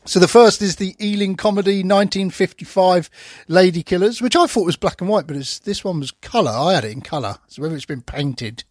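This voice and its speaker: A man's voice: high voice, fairly quick, dry recording, studio quality. A man hosting a podcast, chatting casually and rambling with fillers and restarts. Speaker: podcast host. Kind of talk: casual chat.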